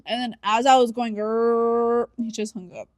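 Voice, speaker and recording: High-voiced, playful young woman. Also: fast talker, dry recording. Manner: playful, giggly, self-amused. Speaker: podcast co-host. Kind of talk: casual chat.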